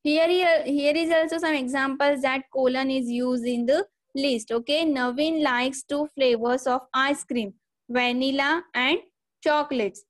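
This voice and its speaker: In an unhurried, high-pitched voice with fairly even intonation, a woman walks through a grammar lesson step by step. She says "okay" again and again, along with frequent "see here."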